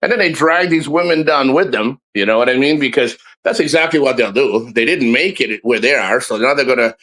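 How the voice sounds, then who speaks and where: A man's voice: mid-range voice, a little fast, a bit bright. A man hosting a livestream, talking bluntly and profanely in a rambling, casual chat. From foreign man living in the Philippines. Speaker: host of a livestream.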